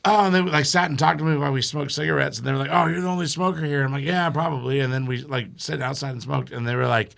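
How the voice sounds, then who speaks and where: A man's voice: on the high side, fairly even intonation, fast talker, creaky, few pauses, a bit bright. A man telling a rambling, profane story as a guest on a podcast, laughing along as he goes. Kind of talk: casual storytelling.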